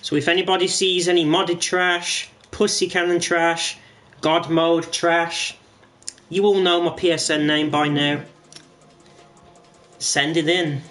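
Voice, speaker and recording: A man's voice: a little high, flat delivery, slow, long pauses, fairly bright tone. A man chatting casually to viewers while streaming a game, rambling and swearing now and then. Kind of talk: casual gaming stream commentary.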